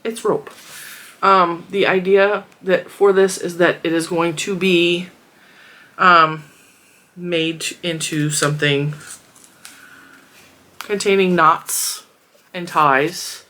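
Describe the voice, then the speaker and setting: Congested, chatty woman with a bright voice. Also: lowish voice, fairly even intonation, slow, pauses often. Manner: chatty, rambling, laughs often. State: congested and a little wheezy. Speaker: crafting vlogger. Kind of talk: casual product review chat. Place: small closed room at home.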